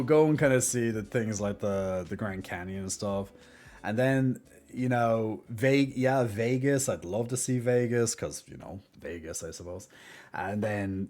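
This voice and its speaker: An Irish man streaming, chatting casually with viewers in a rambling way full of fillers. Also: fairly low pitch. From Ireland.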